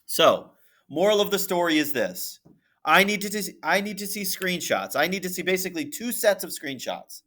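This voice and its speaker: A math teacher walking through a graphing problem on screen, thinking aloud and checking in with "right?" and "okay?". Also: male voice, high voice, very animated, moderate pace, bright, forceful tone. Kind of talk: screen-recorded lesson walkthrough.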